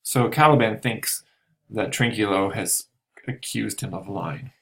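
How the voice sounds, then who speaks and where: Guy teaching a play, super slow, gravelly lowish voice, lots of ums. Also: fairly bright tone. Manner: unhurried, explaining with fillers. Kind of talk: lesson walking through a play.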